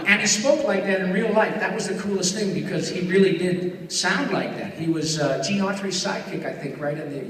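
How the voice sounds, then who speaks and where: A man giving a live talk to an audience, chatty and joking, slipping in little character voices. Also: fairly high pitch. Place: live venue in front of an audience. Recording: echoey hall from far off, faint noise.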